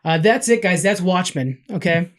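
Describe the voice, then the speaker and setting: Casual male podcast host, chatty recap, filler-heavy and excitable. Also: sits high, normal speed. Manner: rambling recap with many fillers and restarts; excited, gushing. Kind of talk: casual chat.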